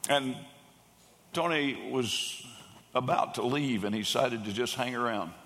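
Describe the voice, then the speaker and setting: A man's voice: mid-range voice, a little slow. A man preaching a sermon, telling a story and raising his voice when he quotes the people in it. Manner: animated storyteller, raises voice for quoted characters. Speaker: pastor. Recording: long hall reverb.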